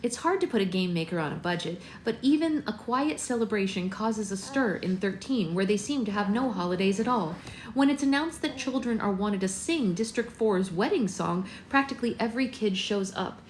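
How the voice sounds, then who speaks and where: A woman hosting a live book club from home, reading a novel aloud in a gentle, unhurried voice and breaking into soft singsong baby talk to her infant. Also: medium pitch, lively intonation, a little hiss or hum. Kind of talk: live read-aloud with casual asides.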